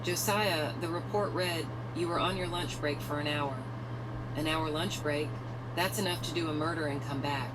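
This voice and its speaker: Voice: mid-range voice, fairly even intonation, moderate pace, lightly acted. An actor playing a stern woman detective. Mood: interrogating. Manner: pressing, accusatory questioning. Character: stern female police detective. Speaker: interrogating detective. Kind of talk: amateur audio drama. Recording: noisy amateur recording with ambience.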